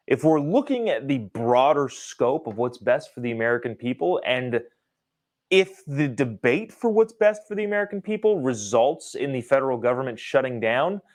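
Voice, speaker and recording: A man's voice: mid-range voice, a little mellow. A man hosting a political commentary show, talking in an opinionated, sarcastic way. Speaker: host.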